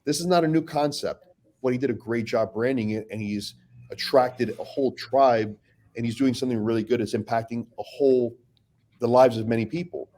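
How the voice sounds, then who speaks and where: Blunt, profane man telling his story. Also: mid-range voice. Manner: blunt, profane, animated storytelling with frequent restarts. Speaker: podcast guest. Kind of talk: casual podcast talk.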